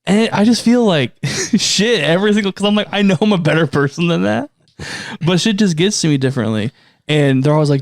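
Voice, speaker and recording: A man's voice: a little high, a little fast, no echo. American man, casual podcast chat, laughs a lot, close dry mic. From United States. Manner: laughs often, animated storytelling. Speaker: podcast co-host.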